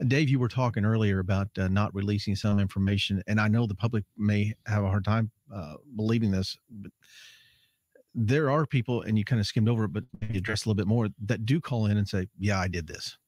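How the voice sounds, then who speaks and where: A man with a fairly low voice hosts a radio interview show. He asks his guest questions conversationally, pausing now and then on an "um" or "uh". The sound is dry and close to the mic. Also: steady tone, darkish tone, no echo. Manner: conversational, hesitant fillers.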